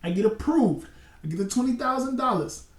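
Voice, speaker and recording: A man's voice: very high-pitched, animated, brisk. Man in his forties, roomy distant sound. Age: 40s. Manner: spinning a long hypothetical scenario, repeating points for emphasis. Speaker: commentator. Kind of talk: casual commentary. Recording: roomy echo, distant mic.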